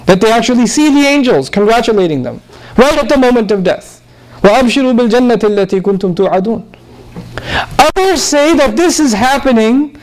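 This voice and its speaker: A man with a strikingly high voice delivers a Quran lecture in a loose, conversational way. He mixes jokes with vivid storytelling and keeps his listeners close as he explains. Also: rough recording. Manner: lively, humorous, conversational storytelling. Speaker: Quran teacher.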